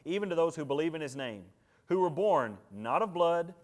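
A man's voice: animated, moderate pace. Emphatic preaching man, lilt. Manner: emphatic preaching with big swings in loudness and pitch. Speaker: pastor. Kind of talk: sermon.

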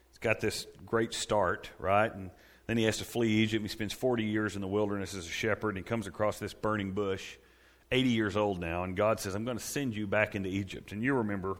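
A middle-aged male pastor preaching a sermon, rising to loud, high-pitched emphasis.

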